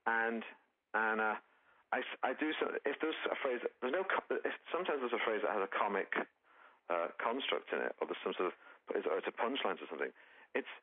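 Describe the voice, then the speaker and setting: Deep-voiced guy, halting chatty comedian, stumbles and restarts a lot, thin phone-line sound. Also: lively intonation, husky, dry recording. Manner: halting, many restarts and repeated words. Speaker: comedian guest. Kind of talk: casual interview chat. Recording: dry tinny phone-like line.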